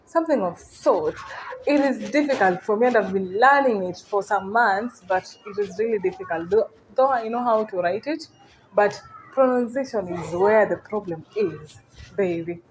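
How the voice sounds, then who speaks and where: Woman, casual language teacher, slow repeated words, checks in with listener, faint background noise. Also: medium pitch, low-quality recording. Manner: repeats words slowly, often checks "you getting me?".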